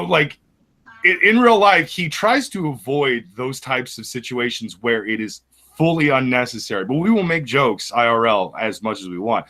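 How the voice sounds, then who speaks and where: A man's voice: mid-range voice, bright, forceful tone. A man hosting a stream, telling crude stories in casual chat and laughing often. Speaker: stream host.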